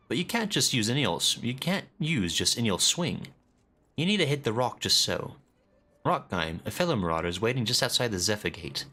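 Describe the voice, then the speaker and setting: A man voicing a hearty male marauder trainer in a game, reading slowly and with emphasis. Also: on the low side, pushed and bright, exaggerated voice.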